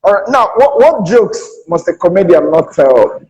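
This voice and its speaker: Man, interview host, short questions, lively pitch, mellow tone. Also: normal speed, highs cut off. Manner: brief reactive interjections and questions.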